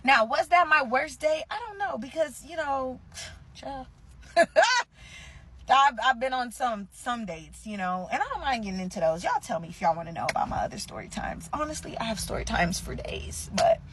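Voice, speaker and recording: A woman in her twenties ranting through a storytime to her viewers, animated and profane. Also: sits high, normal speed, slight background noise, rough recording. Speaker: vlogger. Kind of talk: casual storytime rant.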